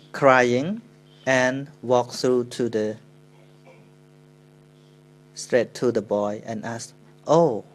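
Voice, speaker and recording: Slow-spoken Cambodian monk giving a dharma talk. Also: male voice, medium pitch, low-quality recording. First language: Khmer. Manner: slow, halting English with pauses and self-corrections.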